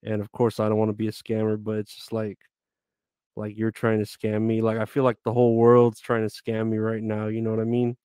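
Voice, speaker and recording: A man's voice: lowish voice, completely flat delivery, fairly quick, mellow, clean tone, no echo, studio quality. A tired man streaming live, chatting in a rambling, irritable way and swearing a lot. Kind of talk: casual live stream chat.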